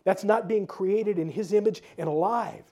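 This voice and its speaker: Guy pastor preaching, kinda high voice but mellow, chatty with asides. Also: moderate pace. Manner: conversational preaching with asides and repeated words. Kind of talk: sermon.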